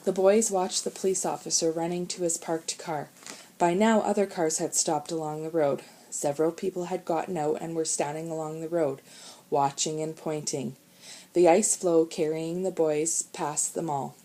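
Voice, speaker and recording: A woman reads a children's storybook aloud in a calm, measured voice. Her tone is mellow and warm, and her pitch sits on the low side. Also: poor audio. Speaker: audiobook narrator. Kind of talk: storybook narration.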